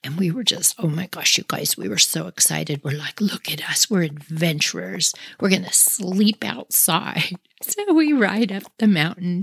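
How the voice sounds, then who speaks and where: A woman telling a personal story in a casual, animated way, with sound effects and acted-out quotes. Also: mid-range voice, no echo.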